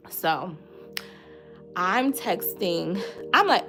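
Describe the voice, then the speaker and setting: Young woman vlogger, storytime, big swings in pitch, loud bursts then quiet asides, light music under her. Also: animated, normal speed. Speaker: vlogger telling a personal story. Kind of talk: casual storytime.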